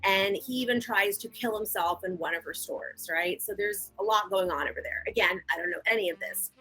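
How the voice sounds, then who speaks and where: A woman speaks as an interview guest with a husky, breathy voice that is bright and forceful and sits fairly high. She tells her story in a frank, animated, conversational way. Faint music plays behind her. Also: a little fast, rough recording. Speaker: guest, victim advocate.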